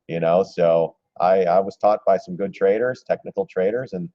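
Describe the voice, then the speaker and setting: A middle-aged man doing casual live-stream market commentary, blunt and excitable, swearing casually and laughing often. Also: deep voice, moderate pace, hardly any pauses, no echo, muffled recording. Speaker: stock trading live-streamer.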